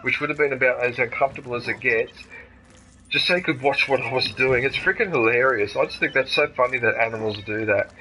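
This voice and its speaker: Chatty Australian gaming host. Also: male voice, medium pitch, a little fast, a little hiss or hum, low-quality recording. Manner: excitable, chatty, laughs at own jokes. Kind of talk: casual gameplay commentary.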